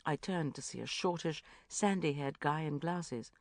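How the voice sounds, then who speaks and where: A woman's voice: low voice, measured pace, few pauses, dry recording, clean studio sound. A woman narrating a comic novel in the first person with a wry storytelling manner. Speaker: audiobook narrator.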